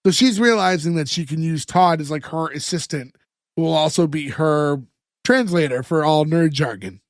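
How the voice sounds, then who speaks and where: Podcast co-host, male, fairly high voice, dry close sound, recaps scenes and acts out lines. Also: normal speed, no room sound. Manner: storytelling, acts out characters' lines. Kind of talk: recapping a sitcom episode.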